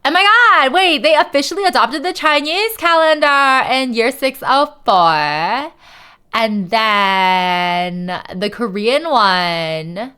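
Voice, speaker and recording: An excitable woman streaming live, chatting casually and reading aloud to her viewers. Her voice sits a little high and swings widely as she talks, with a bright, sharp edge. She swears freely. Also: takes it slowly, smooth. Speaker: livestreamer.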